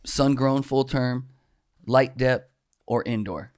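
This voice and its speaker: A man's voice: mid-range voice, fairly even intonation, slow pace, a little mellow, clean tone, no room sound, studio quality. A man hosting a podcast, asking easygoing questions full of fillers. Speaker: podcast host. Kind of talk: podcast interview.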